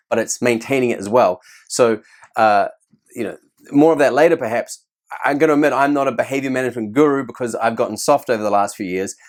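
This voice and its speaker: A man, a teacher giving classroom tips to camera in a chatty, self-deprecating way. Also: medium pitch. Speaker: teacher and video host.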